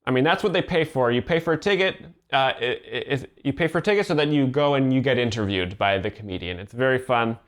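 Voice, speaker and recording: A young man explains comedy bits in a flat, mock-serious commentary, delivering absurd statements as if they were sensible advice. His voice is smooth and clean, sitting at an ordinary male pitch. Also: fast talker. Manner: deadpan, mock-earnest, sarcastic. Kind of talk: deadpan ironic commentary.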